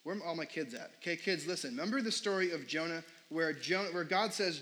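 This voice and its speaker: A man's voice: on the high side, expressive, a little fast, a bit bright, poor audio. A young adult man preaching a sermon as pastor in a casual, conversational way, full of fillers and questions put to the congregation.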